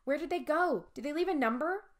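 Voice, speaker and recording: A woman reading a storybook aloud, voicing a terrified young girl who calls out high and panicked. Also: expressive, brisk. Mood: shaky.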